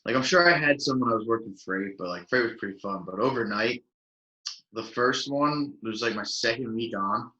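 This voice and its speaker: Rambling young man with a bright voice. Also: medium pitch, moderate pace, lo-fi sound. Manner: rambling, filler-heavy, animated quoting. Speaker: podcast co-host. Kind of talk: casual storytelling chat. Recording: echoey room.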